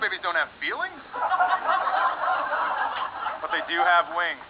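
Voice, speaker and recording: A slightly high-voiced man delivers a sarcastic, deadpan stand-up set, his pitch swinging widely from line to line. The recording is dull and lo-fi, with loud audience laughter rolling underneath. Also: moderate pace, very noisy. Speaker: stand-up comedian. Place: comedy club stage.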